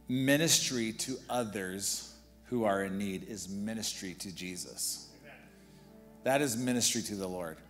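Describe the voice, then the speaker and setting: A male pastor with a somewhat low voice, delivering a sermon with exhortation that swells into emphatic preaching. Soft music plays faintly beneath him in the church. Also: measured pace. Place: church sanctuary.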